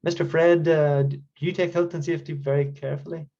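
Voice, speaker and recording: A man playing a calm, patronizing therapist. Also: a little high, lightly acted. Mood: soothing. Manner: measured, soothing, a bit condescending. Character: calm, patronizing male therapist on a video call. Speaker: improv performer. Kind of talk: improv comedy over video call. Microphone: video call. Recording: dull lo-fi video call audio.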